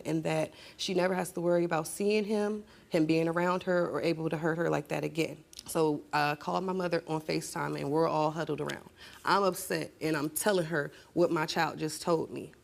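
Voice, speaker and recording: A woman's voice: on the low side, gravelly. A woman guest on a talk show telling an emotional story, her voice rising sharply when she argues. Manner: emotional, rising to shouting in arguments. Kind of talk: emotional confrontational testimony.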